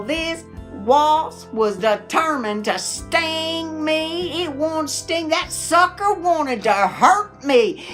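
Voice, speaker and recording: A middle-aged woman, telling folksy stories to camera in a chatty, animated way and laughing often. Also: high-pitched. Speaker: vlogger.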